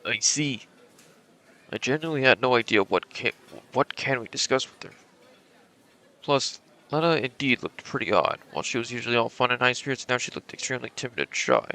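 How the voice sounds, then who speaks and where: A man's voice: mid-range voice, lively intonation, brisk, bright, forceful tone. A young man streaming, reading a visual novel aloud dramatically and adding joking asides.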